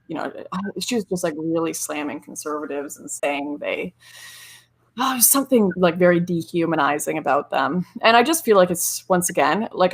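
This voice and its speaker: A woman with a Canadian accent, a guest on a casual livestream interview, chatty and quick to laugh, with lots of filler likes. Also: deep voice.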